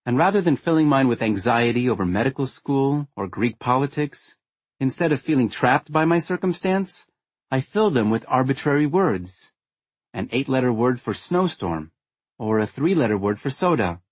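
A witty, blunt young woman explains her ideas with playful sarcasm, as a male narrator puts her on. The voice sits higher than his own yet keeps a husky grain. It is recorded close and dry, storybook style. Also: lively intonation, moderate pace, no echo. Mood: frank, reflective. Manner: frank, lightly sarcastic lecturing.

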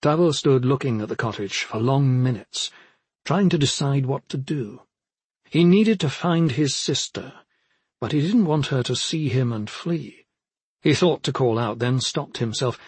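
In a dry, close recording with no room echo, a man reads an audiobook at an unhurried pace. His delivery is steady and even, and his medium-pitched voice has a slight huskiness.

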